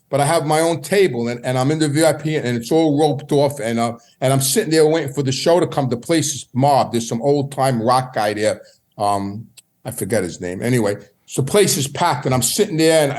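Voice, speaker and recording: As a podcast guest, a middle-aged man with a mid-range, darkish voice rambles casually through memories of his past. He tends to repeat words and frequently begins sentences again.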